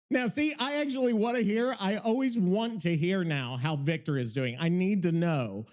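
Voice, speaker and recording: A man's voice: sits high, a little slow, a little mellow. A man hosting a podcast in casual chat, rambling, profane and easily worked up. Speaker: podcast host.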